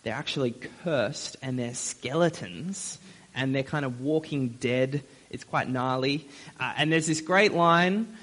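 A young man delivering a sermon in a friendly, chatty manner. His voice sits in an ordinary middle register, and he speaks easily and often pauses on fillers as he works through his points. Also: medium pitch, a bit bright. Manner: friendly, conversational, with frequent uh fillers. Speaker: preacher.

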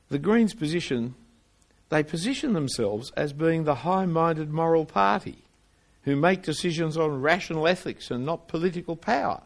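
An older man preaching from the pulpit, his voice sitting a little higher than usual for a man. He presses his points with rhetorical questions and rises and falls sharply in pitch and loudness. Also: vocal fry. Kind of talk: sermon.

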